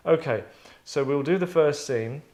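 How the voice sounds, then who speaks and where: Unhurried and darkish in tone, this man's fairly high voice guides a voice session he's hosting. Giving notes in a casual way, he rambles, restarts and performs lines himself.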